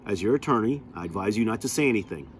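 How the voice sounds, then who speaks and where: Storybook: man voicing a fierce little woman attorney, snappy, insistent, lowish voice. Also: animated, rapid-fire, a little hiss or hum, lightly acted. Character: short, fierce woman lawyer.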